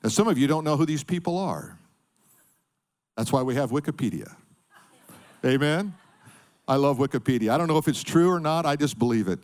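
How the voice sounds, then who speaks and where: Middle-aged male pastor, bright and animated delivery, punchy sermon style. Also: on the high side, fairly quick, long pauses. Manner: emphatic preaching with call-and-response.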